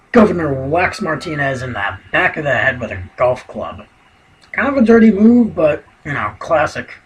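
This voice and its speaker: A man's voice: a little high, bright, forceful tone, poor audio. A man giving a casual spoken recap of a TV episode, rambling and leaning heavily on "you know" fillers. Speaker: TV episode reviewer.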